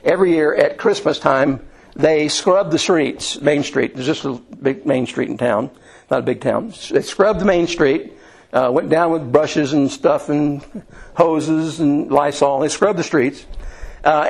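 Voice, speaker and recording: A man's voice: fairly high pitch, creaky, a little mellow, poor audio. Folksy man preaching, restarts a lot. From Indiana, USA. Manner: folksy storytelling with many restarts and fillers. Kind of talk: sermon.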